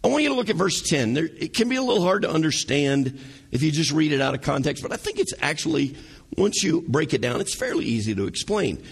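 Animated gravelly-voiced preacher man. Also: fairly high pitch, fast. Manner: animated preaching with rhetorical questions and sarcasm. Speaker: pastor. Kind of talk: sermon.

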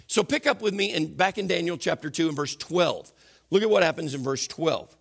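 A male pastor preaching a sermon in an animated, conversational way. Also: on the high side, normal speed, creaky.

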